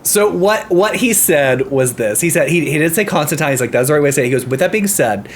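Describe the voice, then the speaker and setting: A man co-hosting a podcast, telling a story in an animated way and acting out what people said. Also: fairly high pitch, fast talker, a little hiss or hum. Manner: animated storyteller, acts out quotes. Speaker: podcast co-host. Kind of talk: casual chat, storytelling.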